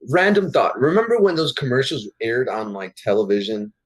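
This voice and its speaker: A man co-hosting a podcast in excitable, profane casual chat, restarting his sentences. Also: medium pitch, normal speed, breathy edge. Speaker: podcast co-host.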